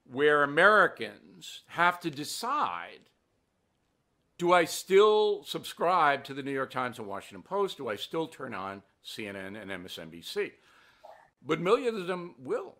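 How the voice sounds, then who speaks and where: Lively blunt older male host. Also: on the high side, a little slow. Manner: blunt, emphatic, mocking. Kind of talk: political commentary show.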